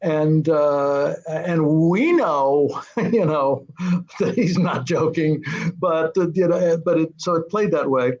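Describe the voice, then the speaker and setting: An older man, a guest on an interview show, telling anecdotes in an animated way and acting out the voices of people he quotes. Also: a little high, slow. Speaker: guest, TV series creator. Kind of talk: anecdotal storytelling. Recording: muffled lo-fi audio.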